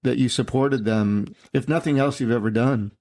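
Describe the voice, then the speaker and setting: A man hosting a podcast, asking questions in an earnest, halting way. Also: mid-range voice, darkish tone. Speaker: podcast host. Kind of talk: casual interview.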